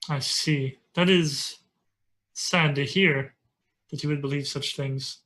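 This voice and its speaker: A game master voicing a gruff, wise old male dwarf master who speaks slowly and calmly. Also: mid-range voice.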